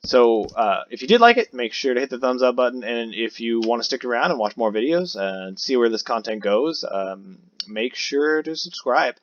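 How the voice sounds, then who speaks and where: A man's voice: medium pitch, normal speed, hardly any pauses. A man giving casual gameplay commentary as a new content creator, rambling and chatty with many fillers. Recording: dull lo-fi recording.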